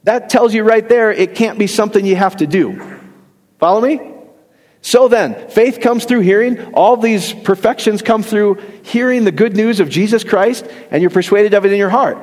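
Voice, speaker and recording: A man's voice: sits high, moderate pace, darkish tone. A middle-aged man preaching a joking, conversational sermon, often asking the congregation questions and laughing at his own jokes. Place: church hall. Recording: long reverb of a hall.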